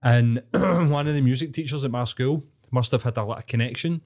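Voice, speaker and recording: A Scottish man in his thirties chatting casually, swearing freely and telling stories with animated energy. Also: mid-range voice, a little fast. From Scotland. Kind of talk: casual chat.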